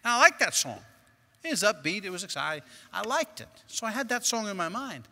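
A man preaching a sermon as a personal story, moving between quiet recollection and loud, emphatic bursts. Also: high-pitched, very animated, a little fast, big-room sound. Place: church sanctuary.

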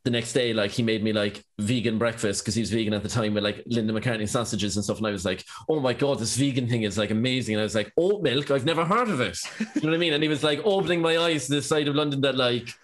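A man's voice: medium pitch, fast, few pauses. A man in his twenties with an Irish accent, a podcast guest telling a long rambling anecdote full of "like" and "you know what I mean". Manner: rambling, filler-heavy anecdotes with lots of "like". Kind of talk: casual storytelling chat.

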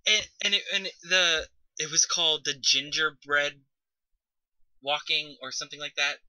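Woman on a podcast w a really bright sharp voice, dry close mic. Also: low-pitched, moderate pace, no echo, poor audio. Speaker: podcast co-host. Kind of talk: casual chat.

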